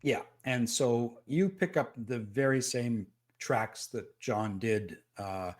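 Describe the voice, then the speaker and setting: A man's voice: medium pitch, takes it slowly. A man running a tabletop game as game master, talking hesitantly with many fillers.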